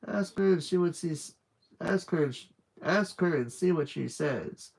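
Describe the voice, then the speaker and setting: Kindly old librarian, hushed whisper, read by a man. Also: a little high, expressive, measured pace, creaky. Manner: whispering, softly insistent.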